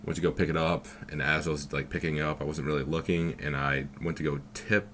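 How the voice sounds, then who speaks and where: A man's voice: a bass voice, little pitch movement, fast talker, a bit bright, slight background noise. A young man telling a story from his own life in a loose, rambling way, full of fillers and swearing. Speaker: vlogger. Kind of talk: casual storytelling.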